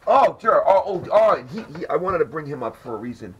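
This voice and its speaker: A man's voice: fairly high pitch, big pitch swings, brisk, lo-fi sound, a little hiss or hum. A man hosting a podcast, telling rambling, profane stories in casual chat. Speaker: podcast host.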